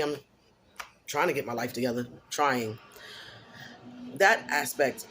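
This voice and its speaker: A woman's voice: sits low, slightly rough. A middle-aged single mother venting in a personal vlog, blunt and emphatic, repeating herself for stress.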